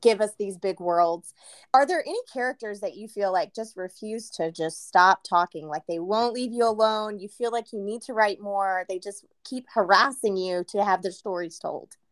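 A woman's voice: mid-range voice, normal speed, no room sound. A woman hosting a podcast interview, enthusiastic and gushing, with long rambling questions. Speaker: podcast host. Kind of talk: casual interview chat.

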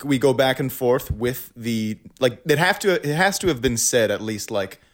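Guy hosting a podcast, middle pitch, hams it up all jokey and grand. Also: animated, normal speed. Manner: mock-pompous, joking, laughs often. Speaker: podcast host. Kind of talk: casual podcast chat. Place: studio.

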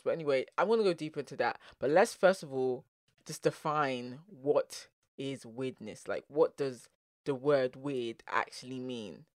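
A young adult vlogger with a South London accent, talking to the camera in a chatty, animated way, laughing often and wandering into asides. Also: medium pitch, clean tone, no room sound, studio quality. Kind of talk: casual vlog monologue.

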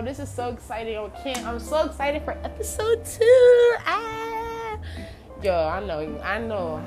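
A woman from New Jersey hosting her own podcast in a casual, animated monologue, swearing freely and calling her listeners y'all. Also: a little high. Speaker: podcast host. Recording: music playing under voice.

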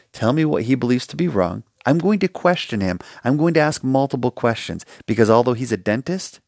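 A man's voice: medium pitch, a little mellow, no room sound, clean studio sound. A man hosting a solo advice podcast, talking emphatically and with passion, acting out short dialogues. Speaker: podcast host.

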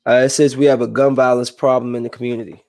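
Guy reading news headlines and going off on them, loose rambly talk, pretty dry sound, regular pitch. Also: fast talker, gravelly, no room sound. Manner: rambling, loose, stops to react and vent; reads headlines aloud in a flatter tone. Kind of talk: casual solo commentary. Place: room with a window.

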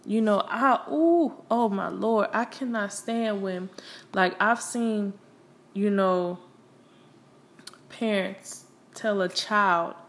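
A woman's voice: medium pitch, slow. Blunt young woman speaking her mind. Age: young adult. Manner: candid, blunt, and streetwise, with frequent profanity; conversational, with many fillers like "you know" and "like". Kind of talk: casual opinion monologue.

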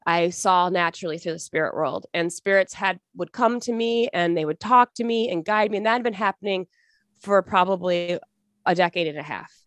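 A woman's voice: on the low side, a little fast, dry recording. A young woman being interviewed as a podcast guest, telling her story in an earnest, emotional, rambling way with many restarts.

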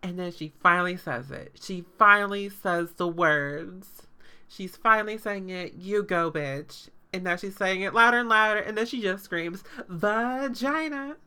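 A woman's voice: on the low side, normal speed, pushed and bright, clear, resonant tone. A woman hosting a podcast, recapping a show in casual, sarcastic chat full of fillers and swearing.

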